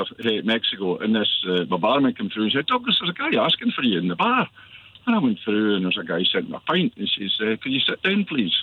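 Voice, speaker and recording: An older Scottish man calling in to a radio show, telling a long rambling story with lots of fillers and warm enthusiasm. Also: on the low side. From Scotland. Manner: rambling, enthusiastic anecdote-teller with many fillers. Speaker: caller. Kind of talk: phone-in storytelling. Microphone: telephone. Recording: tinny phone line.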